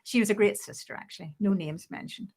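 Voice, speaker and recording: An older woman telling her memories in an interview, lively and often laughing. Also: medium pitch, fast talker, a little hiss or hum. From Northern Ireland. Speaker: guest. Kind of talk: storytelling interview.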